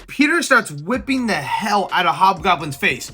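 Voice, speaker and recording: A young man casually recapping a comic, excited and slangy, acting out the scenes. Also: high voice, normal speed, slightly rough, soft background music. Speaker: comic book reviewer.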